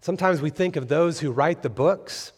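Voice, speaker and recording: A man's voice: fairly high pitch, normal speed, darkish tone, husky, long reverb tail. A man preaching a sermon as pastor, earnest and building to emphatic peaks on key phrases. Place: church sanctuary.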